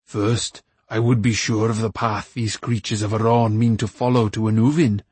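A man voicing a patient, fatherly old male farmer who speaks with dry wryness and a husky tone. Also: lowish voice, flat delivery, moderate pace, darkish tone, no room sound. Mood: earnest.

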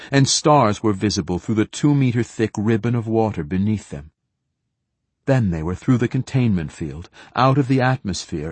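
A man narrates an audiobook in a measured, even delivery. His voice sits low with a husky, slightly breathy grain, recorded close and dry with no room sound. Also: no echo.

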